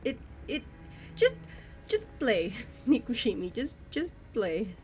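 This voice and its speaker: Streaming live, a young woman with an English accent chats casually, peppering her speech with "like," fillers, restarts, and frequent laughs. Her fairly high voice swoops wildly in pitch, she speaks slowly, and faint music plays in the background.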